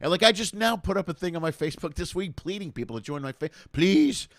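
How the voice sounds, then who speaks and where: A man from Chicago rattles through a stand-up story at a quick clip, swearing freely and laughing along. His voice sits a bit high for a man, and the sound is close and dry, with no room around it. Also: dry recording. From Chicago, USA. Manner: profane, animated, laughing as he tells stories. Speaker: comedian and show host. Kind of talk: casual conversational storytelling. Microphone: video call.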